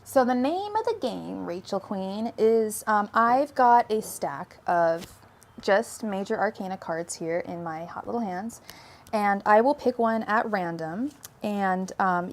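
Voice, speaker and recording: A young woman hosting a tarot-reading livestream, chatting casually with lots of fillers and giggles. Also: mid-range voice. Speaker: tarot reader livestream host.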